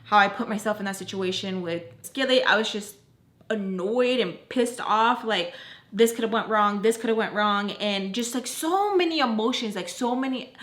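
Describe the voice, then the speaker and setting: A young woman tells a personal story in a loose, chatty vlog style, padding her lines with "like" and retelling events with animation. Her voice sits at a medium pitch. The recording carries a noticeable roomy echo. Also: normal speed, a bit bright. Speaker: vlogger telling a story. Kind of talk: casual storytime chat.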